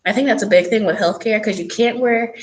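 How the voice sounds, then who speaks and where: A teenage girl co-hosting a radio talk show, relaxed and practical as she gives advice. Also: mid-range voice, a little fast, poor audio. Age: teens. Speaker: teen radio co-host. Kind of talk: casual radio chat.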